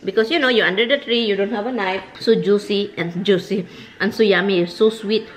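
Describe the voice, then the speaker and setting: Filipino-accented woman vlogger, chatty home storyteller, mid-pitched everyday voice. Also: brisk, rough recording. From Philippines. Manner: chatty, animated storytelling with Tagalog mixed in. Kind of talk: casual vlog chat.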